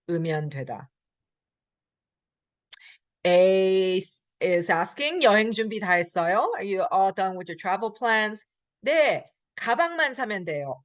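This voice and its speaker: A woman with an American accent gives a Korean grammar lecture. She switches between English explanations and Korean example sentences, with many fillers and restarts. Her voice sits at an ordinary pitch, and the recording is close and dry with no room sound. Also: fairly bright tone, dry recording. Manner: frequent fillers and self-corrections. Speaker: Korean language instructor.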